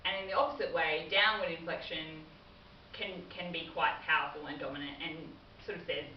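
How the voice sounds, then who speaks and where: A woman's voice: low-pitched, fairly even intonation, a little fast, distant mic, a little hiss or hum. A woman trainer giving a workplace communication lesson in a training room, explaining things in a friendly way. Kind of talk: classroom training talk. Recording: dull, roomy recording from afar.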